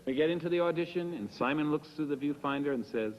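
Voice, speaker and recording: A man tells a long story on stage, wry and self-deprecating, slipping into the voices of the people in it. His voice sits a touch high. It carries a long theater reverb over a faint hiss. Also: quick pace, highs cut off. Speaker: monologist.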